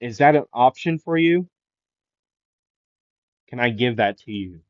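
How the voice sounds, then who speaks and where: A man's voice: mid-range voice, animated, a little slow, dry recording, muffled recording, natural voice. Man doing Deku, an earnest awkward young hero. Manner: polite, hesitant, earnest.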